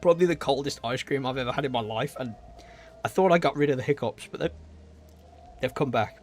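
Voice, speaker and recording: A young British streamer with a medium-pitched voice talks briskly during a gameplay livestream, with game music in the background. He reads chat aloud and rambles casually, saying um a lot while trying to fight off hiccups.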